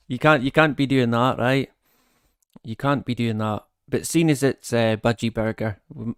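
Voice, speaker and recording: A man hosts a live stream in an unhurried, easygoing way, greeting viewers by name and laughing often between his remarks. His voice is smooth and clear, with a dry, close sound and no room echo. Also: mid-range voice. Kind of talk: casual live-stream chat.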